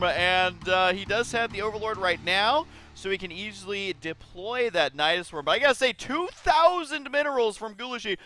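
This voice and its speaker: A man giving jokey, excitable game commentary that often jumps into high-pitched shouts. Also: normal speed, hardly any pauses. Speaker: esports caster.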